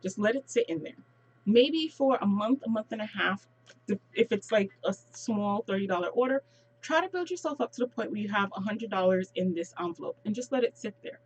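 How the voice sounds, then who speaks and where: A woman giving a casual sales training talk, explaining step by step with quick asides. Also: medium pitch, lively intonation, slight background noise.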